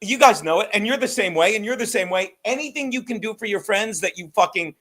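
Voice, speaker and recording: Man, podcast host, high voice, excitable, swearing, ranting. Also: fast talker. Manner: excitable, swearing, rising to shouted rants. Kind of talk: casual chat.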